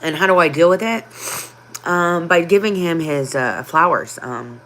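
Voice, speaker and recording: A woman hosting a casual livestream, talking openly and from the heart, with frequent ums and pauses. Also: on the low side, fairly bright tone. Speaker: livestream host.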